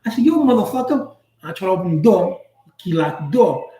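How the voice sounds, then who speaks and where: A man tells a story from his own life, casual and blunt, with street slang. His voice sits high for a man and leaps further up when he acts out someone else's lines. The room around him is roomy and echoey. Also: fairly quick. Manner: animated, acts out quoted dialogue with big pitch jumps. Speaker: channel host.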